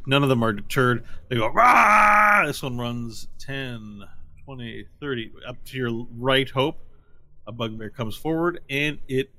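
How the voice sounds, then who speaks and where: A man's voice: medium pitch, measured pace, fairly bright tone, no echo. A man narrating as game master of a tabletop game in a casual, easygoing way, with frequent fillers and easy laughter.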